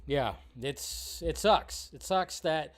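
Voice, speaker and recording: A man's voice: on the high side, animated, slow. A man hosting a live movie news stream, ranting casually and with a lot of swearing, filling gaps with "you know" and "like.". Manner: ranting, profane, heavy on fillers like "you know". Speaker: movie news show host.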